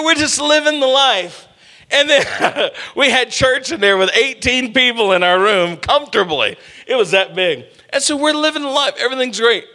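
High, bright-voiced animated preacher man. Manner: animated, humorous, calls out to the congregation. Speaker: pastor. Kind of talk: storytelling sermon.

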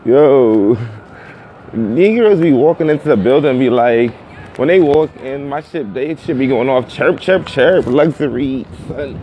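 A man's voice: medium pitch, unhurried, mellow. A man, a comedian from Brooklyn, bantering in a casual, teasing way and laughing often. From Brooklyn, New York. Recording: noisy street recording.

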